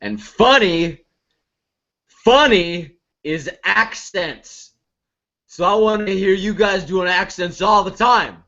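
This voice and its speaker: A man plays a bombastic improv teacher who barks insults and lectures in a raised, slightly high voice. The whole take sounds dull and lo-fi. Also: takes it slowly, bright, forceful tone, heavily acted. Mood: lecturing. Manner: bombastic, berating, barking insults. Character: bossy, blustering male improv teacher. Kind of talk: comedy sketch acting. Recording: lo-fi recording.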